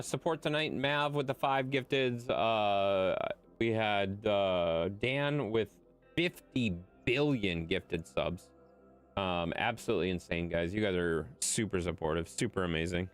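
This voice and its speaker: A man's voice: lowish voice, clean tone. A man chatting casually to his viewers during a livestream, rambling and swearing freely. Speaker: game streamer.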